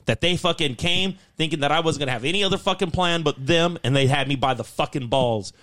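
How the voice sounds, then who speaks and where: A man's voice: on the high side, a little fast, fairly bright tone. A man on a podcast telling a heated story in a casual, profane rant. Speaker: podcast host.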